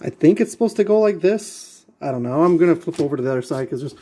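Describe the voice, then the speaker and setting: A man's voice: fairly high pitch, lively intonation, fast talker, mellow. A man vlogging while he assembles a model kit, talking to himself and his viewers in an exasperated, muttering way and repeating himself often. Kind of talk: casual talk while assembling.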